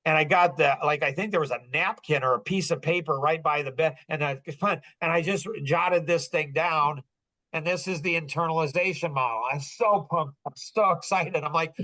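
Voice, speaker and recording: A man hosting a business podcast, telling a story in casual talk, animated and laughing often as he acts out dialogue. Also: fairly high pitch, poor audio. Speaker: podcast host.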